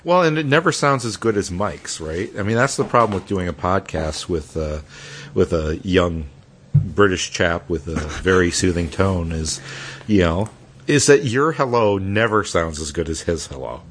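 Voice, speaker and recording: Low-voiced rambling American man. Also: expressive, moderate pace, slight background noise. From United States. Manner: rambling, reflective, many fillers and restarts. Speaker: podcast co-host. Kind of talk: casual podcast chat.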